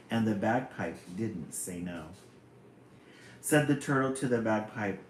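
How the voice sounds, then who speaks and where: Slow playful man reading poems. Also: lowish voice. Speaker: live stream host. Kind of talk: reading children's poems aloud on a live stream. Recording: roomy room, faint hum.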